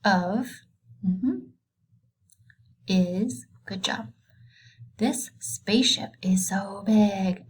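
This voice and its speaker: A woman's voice: medium pitch, a little mellow, husky, rough recording. A woman teaching a recorded reading lesson to kindergarteners, patient and encouraging, asking simple questions and praising answers.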